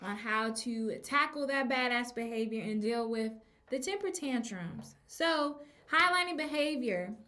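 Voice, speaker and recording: A woman's voice: a little high, lively intonation, unhurried, bright, forceful tone. A young woman hosting a casual advice podcast as a teacher, chatting and acting out phrases emphatically.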